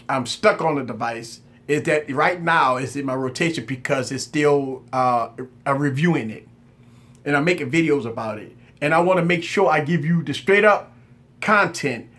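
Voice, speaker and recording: A man's voice: fairly high pitch, a bit bright. A man hosting a tech channel, talking straight to his viewers in a casual live chat. He is candid and insistent, repeating himself to stress his point.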